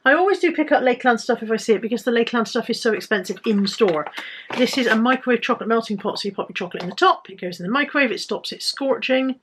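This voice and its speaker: British woman, casual haul vlogger, higher-pitched, rambling and self-correcting. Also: expressive, fast, a bit bright, slight background noise. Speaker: resale vlogger.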